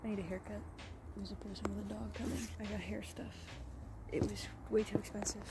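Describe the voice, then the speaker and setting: Casting note: woman vlogger, mid pitch, rambling casual chat, a little breathless, faint music under. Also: little pitch movement, brisk. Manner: rambling, self-deprecating, swears casually. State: often out of breath. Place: at home crafting, later outdoors on a walk.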